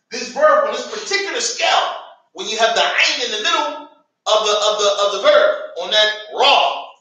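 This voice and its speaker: A man's voice: extremely high pitch, sharp tone. An American man teaching an Arabic grammar class, calling on students and having them repeat words after him. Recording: echoey classroom, from far off.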